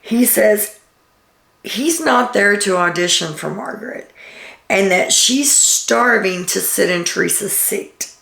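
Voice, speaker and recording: A woman's voice: medium pitch, lively intonation, takes it slowly, creaky, a bit bright. A woman recapping a reality TV episode in casual, chatty storytelling, with an occasional "um" as she relays quotes. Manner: chatty storytelling, reads out quotes with filler ums. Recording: echoey room.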